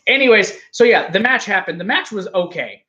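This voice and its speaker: Man, wrestling review host, lively pitch, rambling, teasing, casual chat. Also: a little fast, highs cut off.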